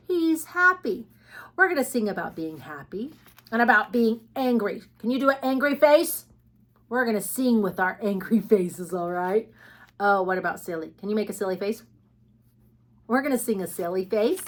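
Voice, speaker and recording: A woman's voice: a little high, fairly bright tone. Sing-song woman reading to preschoolers. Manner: sing-song, coaxing, asks the listener questions. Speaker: preschool teacher reading aloud. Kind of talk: read-aloud for young children.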